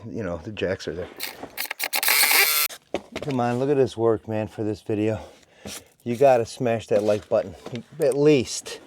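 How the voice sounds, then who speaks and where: Wedged in a cramped crawl space, a man with a medium-pitched, slightly mellow voice narrates a casual DIY how-to vlog. He's chatty and jokes with viewers, breathing heavily from the work, with slight background noise.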